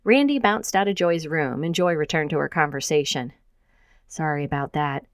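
Low-voiced woman narrating a story. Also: animated, a little fast, no echo, studio quality. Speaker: audiobook narrator. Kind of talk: scripted narration.

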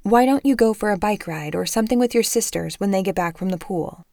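A woman's voice: medium pitch, a little fast, vocal fry, dark tone, no room sound, studio quality, close to an everyday voice. A woman voicing an exasperated scolding mother. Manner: scolding, emphatic. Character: exasperated middle-aged mother, sharp-tongued and loud.

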